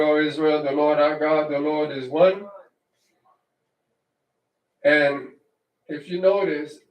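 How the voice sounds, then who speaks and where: Slow, conversational man preaching in an echoey hall. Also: on the high side. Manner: conversational, often asks "right?" and restarts phrases. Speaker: congregation teacher. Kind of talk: informal Torah-portion sermon. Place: congregation hall. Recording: echoey room, distant mic.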